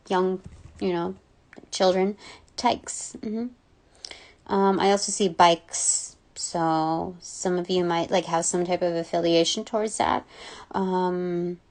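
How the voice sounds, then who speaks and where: Woman, casual intuitive reader; unhurried, gravelly fry, rambling and giggly. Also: on the low side. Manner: rambling, many ums and likes, giggly. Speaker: spiritual reader. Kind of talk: casual intuitive reading monologue.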